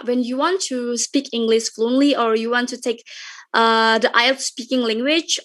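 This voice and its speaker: A woman's voice: on the high side, sharp tone. A young woman from Indonesia with an Indonesian accent, giving a chatty, informal webinar talk full of fillers and repeated phrases. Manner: chatty, repetitive, with frequent fillers. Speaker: webinar speaker.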